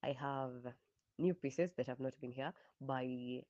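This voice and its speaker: A woman's voice: a bass voice, slow pace, warm tone, no room sound. A woman with a Kenyan accent hosting a podcast in casual, chatty talk that mixes in Swahili slang. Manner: chatty, mixing English and Swahili slang, laughing often. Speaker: podcast host. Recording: dull lo-fi dry sound.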